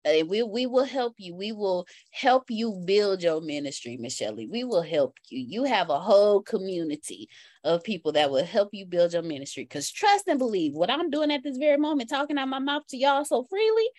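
A woman's voice: mid-range voice, expressive, normal speed, darkish tone, dry recording. A woman hosting an online community call, chatting casually with a playful, laughing manner and repeated catchphrases. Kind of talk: casual chat.

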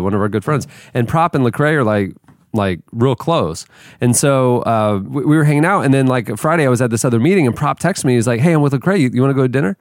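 A man's voice: medium pitch, dry recording, studio quality. A man hosting a podcast in a chatty, loose way. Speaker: podcast host. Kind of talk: casual chat.

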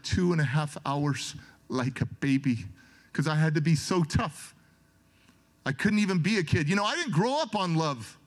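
High-voiced emotional motivational speaker. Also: male voice. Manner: storytelling, dramatic, swings from loud to soft.

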